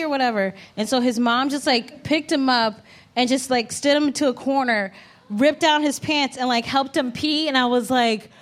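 A woman's voice: high voice, normal speed. A woman in her thirties chatting casually, blunt and laughing, with frequent swearing. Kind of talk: casual chat.

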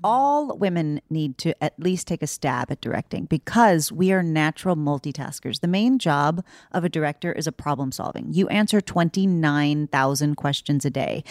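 Low-voiced animated actress chatting. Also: female voice, normal speed, no echo, clean studio sound. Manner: animated and laughing. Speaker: actress and director. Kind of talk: casual interview chat.

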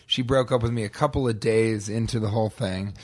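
A man's voice: lowish voice, fairly even intonation, a little fast. A male comedian in casual chat, telling a rambling anecdote and acting out the other people in it.

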